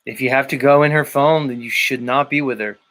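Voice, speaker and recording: Reading viewer comments on a casual live stream, a male show host talks fairly quickly in a steady, mid-range voice with a fairly bright tone. His manner is blunt and emphatic, and he drives points home by repeating them.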